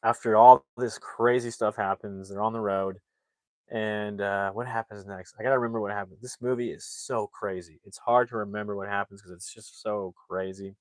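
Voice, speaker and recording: A man's voice: fairly low pitch, fairly even intonation, moderate pace, no room sound. A man casually recapping a comedy film's plot, rambling with lots of "like" and restarts. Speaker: movie reviewer.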